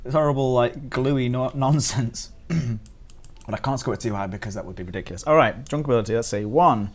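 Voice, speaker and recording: A man's voice: medium pitch, fairly quick. A man streaming live and reviewing biscuits in casual chat. He is giddy and laughs often between words.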